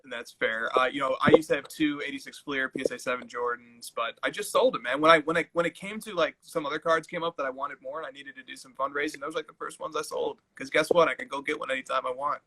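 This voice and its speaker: Man, mid pitch, bright tense tone, easygoing, casual chat, dry close sound. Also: fairly even intonation, fast, few pauses, slightly rough, dry recording, rough recording. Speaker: co-host. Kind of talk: casual live-stream chat.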